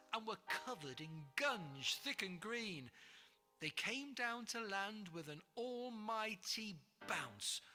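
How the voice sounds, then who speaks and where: A narrator giving an expressive, animated storybook read-aloud. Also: medium pitch, slightly rough. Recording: reverberant room, soft music.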